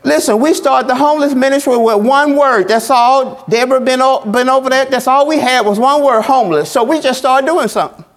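A man's voice: extremely high pitch, a little fast, hardly any pauses. A man preaching a sermon as pastor, in a colloquial, folksy style, repeating phrases in a call-and-response cadence.

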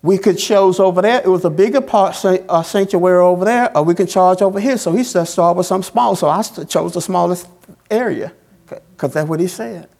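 Pastor guy preaching, gravelly voice, says the same line over and over, folksy talk. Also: high-pitched, a little fast, darkish tone. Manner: repetitive, call-and-response preaching cadence; colloquial, folksy phrasing. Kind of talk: sermon.

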